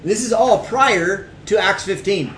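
A man's voice: sits high, animated, measured pace, a bit bright. A man teaching a conversational Bible study, reading verses aloud and asking the group questions with emphasis. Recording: echoey room with faint background hum.

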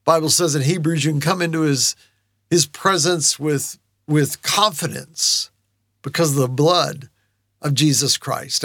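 A middle-aged male pastor telling a story in a sermon, acting out voices and shouting lines for effect. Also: a little high, measured pace, dry recording, clean studio sound. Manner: animated storyteller, acts out his kids' chants and shouts.

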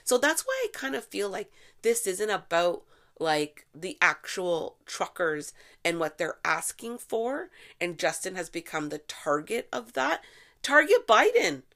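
A middle-aged woman from Canada giving opinionated solo commentary, sarcastic and animated, swearing freely and sometimes bursting into shouts. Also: mid-range voice, a little slow. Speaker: vlogger.

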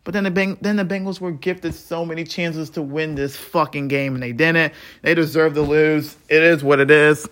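A man hosts his own podcast with a bright, forceful voice pitched a little high. He rants bluntly and swears freely. He drops into tired mutters, then flares back up into heated outbursts. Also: fairly even intonation, normal speed. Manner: frustrated, swings between muttering and heated outbursts. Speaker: podcast host. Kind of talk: solo sports podcast rant.

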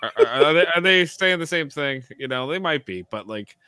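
A man's voice: on the high side, expressive, normal speed, sharp tone, clean tone, dry recording. A man co-hosting a casual podcast chat, rambling with lots of "like" and restarts. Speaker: podcast co-host.

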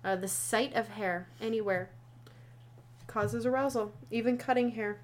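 A woman's voice: a little high, a little slow. Giggly woman reading aloud with mock drama. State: has the hiccups. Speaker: podcast co-host. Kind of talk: casual chat.

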